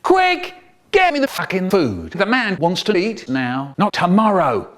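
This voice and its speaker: A man voicing a panicky male kitchen worker who shouts frantically. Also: high voice, wildly swooping pitch, unhurried, pitched above the performer's own voice, heavily acted. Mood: frantic.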